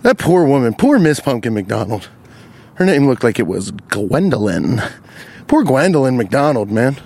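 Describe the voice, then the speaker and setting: With a mid-range voice and a moderate pace, a male podcast host gets worked up recounting a comedic tale. He curses freely and performs the different people in the story, keeping things lively.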